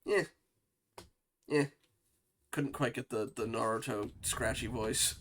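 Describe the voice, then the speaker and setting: A man streaming a video game, talking to himself in quiet, casual asides as he plays. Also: medium pitch, slow, a little hiss or hum. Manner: mutters to himself while playing, quiet asides. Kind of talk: casual let's-play commentary.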